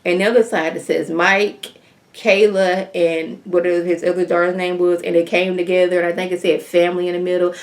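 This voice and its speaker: A woman's voice: on the low side, level tone, a little fast. Chatty woman recapping a reality episode. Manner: chatty, acts out other people's lines in quotes; leans on fillers like "like" and "um". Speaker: reality TV reviewer.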